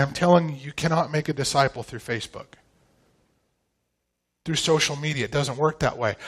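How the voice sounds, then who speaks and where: A man in his forties preaching a sermon with emphasis, asking the congregation rhetorical questions. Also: high-pitched. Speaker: pastor.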